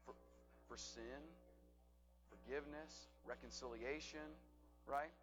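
A man's voice: medium pitch, steady tone, takes it slowly, highs cut off, over music. A man teaching a Bible study to a group, asking them questions and repeating back their answers.

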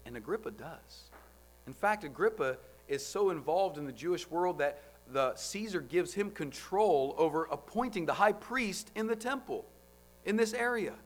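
A man preaching a sermon, firing off rhetorical questions and swinging between loud, driving lines and quiet ones. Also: on the high side, lively intonation, moderate pace.

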